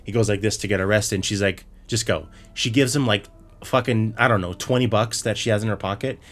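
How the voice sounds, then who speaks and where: Lowish male voice, ranting podcast recap. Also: quick pace. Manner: profane, exasperated ranting with many restarts. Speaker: podcast co-host.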